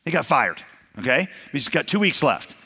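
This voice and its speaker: A man's voice: a little high, big pitch swings, moderate pace, creaky, bright, forceful tone, slightly rough. A man preaching a sermon in a conversational way, acting out the quoted voices of his stories. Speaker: pastor. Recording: long hall reverb.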